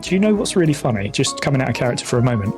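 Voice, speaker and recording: A man's voice: medium pitch, big pitch swings, racing, over music. A man, the game master, chatting casually about a tabletop game, with hesitant fillers and laughter.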